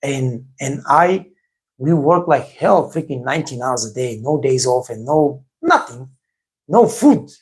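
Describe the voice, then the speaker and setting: A man's voice: medium pitch, animated, a little slow. A man from Bulgaria with a Bulgarian accent, giving blunt casual advice on a live stream, repeating himself often with many fillers. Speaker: host of a live stream for waiters.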